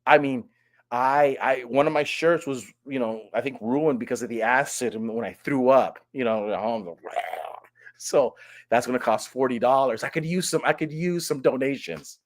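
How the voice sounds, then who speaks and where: A man's voice: mid-range voice, moderate pace. Sarcastic man ranting about a movie. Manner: sarcastic, exaggerated, rambling with many restarts. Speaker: movie reviewer. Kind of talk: ranting casual movie review.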